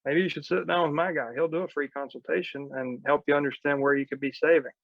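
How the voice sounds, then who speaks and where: A man with a gravelly, fairly flat voice coaches real estate investors in a live online session. He talks in a practical, conversational way. The sound is dry and a little dull. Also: fairly high pitch, fast talker, no room sound. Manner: conversational, practical advice with quoted asides.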